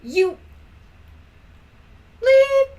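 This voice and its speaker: A woman voicing a hot-tempered goth teenage girl heroine who shouts shrilly. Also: very high-pitched, huge pitch swings, takes it slowly, lo-fi sound, voice pushed up, full character voice. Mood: furious.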